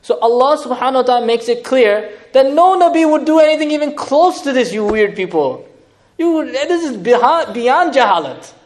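A man giving an animated lecture on scripture as an Islamic teacher, with lively, dramatic retelling and laughing asides. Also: extremely high pitch, normal speed.

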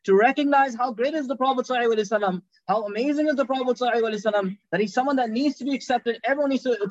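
Guy preaching, really high voice, talks fast, stumbles and restarts a lot, dull dry recording. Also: dry recording. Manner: animated storytelling, quick talk with repeated restarts. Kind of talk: sermon storytelling.

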